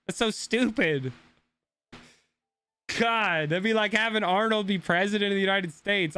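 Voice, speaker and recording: A man's voice: high voice, measured pace, sharp tone, smooth. A young man streaming a game, ranting casually and swearing a lot as he talks to his chat. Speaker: gaming streamer.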